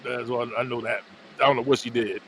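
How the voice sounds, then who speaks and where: Fast, animated podcast host. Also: male voice, medium pitch, slight background noise. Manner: animated storytelling, laughs often. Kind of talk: casual comedic movie recap.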